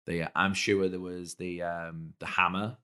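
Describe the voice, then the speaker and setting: A man's voice: sits low, flat delivery, normal speed, pushed and bright, clean tone. A man co-hosting a podcast, chatting casually and enthusiastically about films, with rambling sentences. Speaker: podcast co-host. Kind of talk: casual chat.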